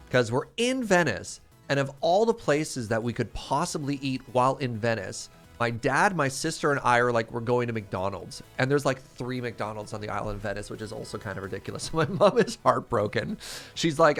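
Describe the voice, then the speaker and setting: A man's voice: medium pitch, animated, moderate pace, fairly bright tone, soft background music. A man chatting casually on a live stream while gaming, answering chat questions, telling stories and laughing often. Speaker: streamer playing a modded block-building game.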